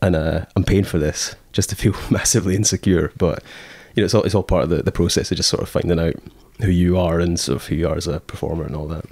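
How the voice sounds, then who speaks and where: A man's voice: low voice, steady tone, fast talker, vocal fry, hardly any pauses, darkish tone, no echo. A Scottish man in casual conversation, rambling with many fillers and acting out quoted thoughts as he tells stories. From Scotland. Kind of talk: casual chat.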